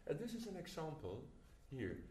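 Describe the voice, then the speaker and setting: A man's voice: on the high side, wildly swooping pitch, moderate pace, dark tone. A man teaching a clarinet masterclass, often singing phrases to show the music, in slightly non-native English. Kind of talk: masterclass coaching. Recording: roomy hall with instruments.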